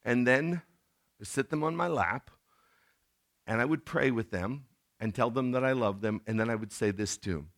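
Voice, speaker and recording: A middle-aged man preaching a sermon in a conversational tone, now and then acting out scenes in sudden loud bursts. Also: mid-range voice, moderate pace. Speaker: pastor.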